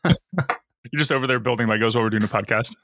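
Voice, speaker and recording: A man co-hosting a podcast in casual chat, joking with quick wry asides. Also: mid-range voice, a bit bright. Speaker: podcast co-host.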